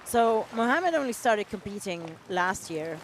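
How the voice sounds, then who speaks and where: A woman's voice: mid-range voice, sing-song, measured pace. A woman commentating a livestream in a chatty, encouraging way, reading out names from the chat. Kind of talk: live sports commentary, chatty. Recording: noisy boat deck ambience.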